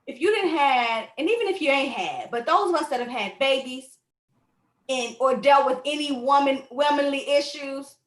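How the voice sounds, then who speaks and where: A woman's voice: high-pitched, normal speed, a bit bright. A woman speaking emphatically in a casual chat, affirming the others. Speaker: co-host. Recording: echoey room.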